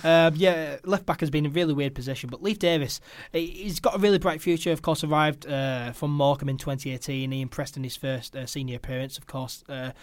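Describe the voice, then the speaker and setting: Male podcast host, brisk and upbeat, slightly high voice, dry close mic. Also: fairly even intonation, no room sound. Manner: upbeat, repeats himself, many "uh" fillers. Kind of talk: casual football podcast chat.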